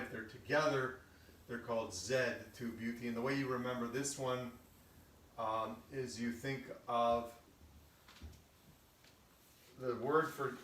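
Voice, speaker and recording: A male chemistry teacher gives a casual recorded lesson, walking through each step and often checking in with "okay?" His voice is medium-pitched and a bit bright, heard from a distance in an echoey room with a little hiss or hum.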